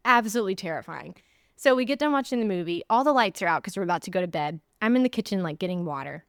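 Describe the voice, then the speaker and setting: Young woman guest on a podcast, animated and laughing a lot, dry close sound. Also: medium pitch, quick pace, no echo. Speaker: actress guest. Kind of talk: casual interview storytelling.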